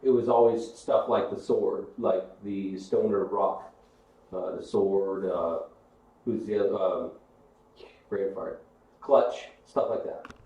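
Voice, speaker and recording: A man's voice: deep voice, fairly even intonation, slow, mellow. A man, a podcast co-host, talking casually in an easygoing, wisecracking way. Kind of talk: casual chat. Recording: echoey room, dull far-off mic.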